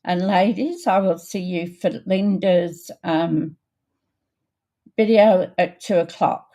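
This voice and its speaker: An older woman hosting a casual card-making livestream, chatting in an unhurried way with many ums and greeting viewers by name. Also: lowish voice, mellow. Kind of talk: casual crafting livestream chat.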